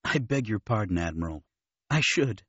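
A man voicing a calm, gentle Jedi master in an audiobook. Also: lowish voice, moderate pace, husky, dry recording, lo-fi sound. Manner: gentle, earnest.

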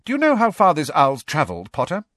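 A man voicing a stern, strict older woman teacher in a storybook reading, sharp and clipped. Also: a little high, wildly swooping pitch, fast talker, no echo, studio quality, voice pushed up, heavily acted.

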